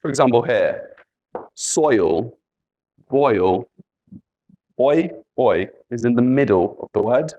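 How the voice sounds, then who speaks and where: A man's voice: medium pitch, expressive, moderate pace, hardly any pauses, warm tone, highs cut off. A man teaching an English spelling lesson, patiently repeating letters and example words.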